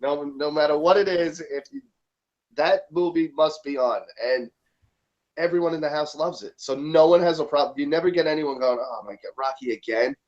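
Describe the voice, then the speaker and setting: A man with a New York accent, a podcast guest telling stories in an animated, emphatic way. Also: a little high, moderate pace, lo-fi sound. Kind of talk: casual podcast chat.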